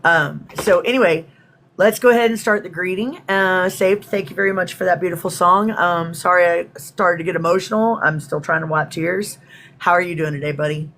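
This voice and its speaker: A woman's voice: on the low side, brisk, fairly bright tone, a little hiss or hum. A woman from Texas, hosting a spiritual livestream in a chatty, rambling way and greeting viewers by name. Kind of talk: casual livestream talk.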